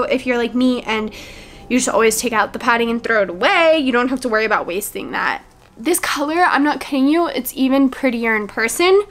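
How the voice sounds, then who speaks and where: Young midwest woman gushing over a haul, high voice, lots of likes and ums. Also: a bit bright. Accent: American Midwest. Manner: bubbly and enthusiastic, many fillers. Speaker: vlogger. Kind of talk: casual product review vlog.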